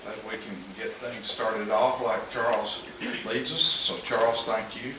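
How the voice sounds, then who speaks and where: A man's voice: on the low side, flat delivery, measured pace. A man with an East Tennessee accent teaching a Sunday school class, folksy and joking, chuckling often. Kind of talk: casual church class talk. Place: church classroom. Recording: echoey room, mic far off, noisy.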